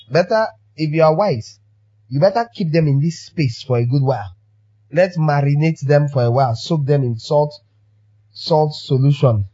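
A man's voice: fairly high pitch, dark tone, breathy edge, highs cut off. A man preaching a sermon as pastor, emphatic and fond of repeating his phrases for effect.

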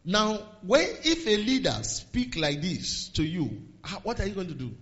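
A man preaching a sermon, swinging from low murmurs to raised exhortations and quoting scripture in old-fashioned phrasing. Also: big pitch swings, moderate pace, hardly any pauses, a bit bright, muffled recording. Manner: quotes scripture in King James phrasing.

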